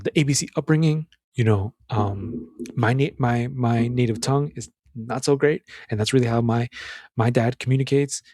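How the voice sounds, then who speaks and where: Husky, earnest man talking film. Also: medium pitch, a little mellow, dry recording, clean studio sound. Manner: earnest and emphatic, with many restarts. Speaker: film commentator. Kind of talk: casual film commentary monologue.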